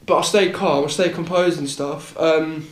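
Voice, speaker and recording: A man's voice: fairly high pitch, steady tone, moderate pace, echoey room. A young man on a casual podcast, telling a rambling story, repeating words and swearing casually. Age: young adult. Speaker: podcast host.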